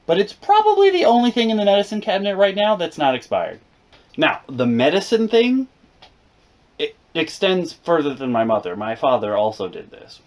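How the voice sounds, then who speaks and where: A young American man telling a comedic story for his channel, animated and sarcastic, jumping from loud outbursts to quiet asides. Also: fairly high pitch, moderate pace. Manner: animated, sarcastic, swings between loud and mumbled.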